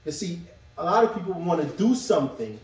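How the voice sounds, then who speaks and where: A man preaching and reading scripture aloud slowly, pausing between phrases. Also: sits high, very animated, darkish tone. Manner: slow, deliberate reading with pauses between phrases. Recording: echoey room, mic far off.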